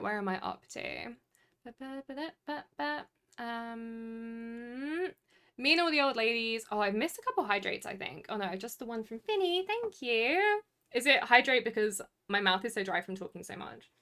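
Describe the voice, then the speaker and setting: A young woman with a fairly high, lively voice chats casually with her stream viewers at a normal pace, sounding pushed, bright and clean. The live streamer rambles along, packing her talk with "like" and "you know."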